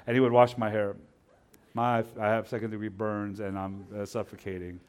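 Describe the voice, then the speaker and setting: A middle-aged man preaching a sermon as a pastor, telling stories that swing from hushed asides to loud, animated bursts. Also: on the low side, moderate pace, smooth.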